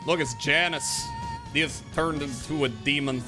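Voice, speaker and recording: A man's voice: a little high, normal speed, over loud music. A man live-streaming a game, chatting casually with his viewers in a rambling, profane way. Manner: rambling and profane, talks to chat.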